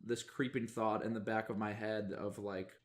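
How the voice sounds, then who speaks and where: A man's voice: on the low side, level tone, moderate pace. A man interviewed in a documentary, speaking in a thoughtful, candid way about his goals. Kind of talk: reflective interview.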